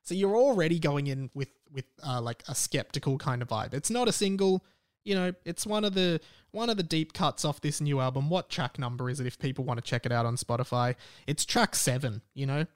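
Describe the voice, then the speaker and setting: A man's voice: a little high, animated, brisk. Rambling Australian man hosting a podcast. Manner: rambling, self-correcting, wry. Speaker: podcast host. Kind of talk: casual podcast chat.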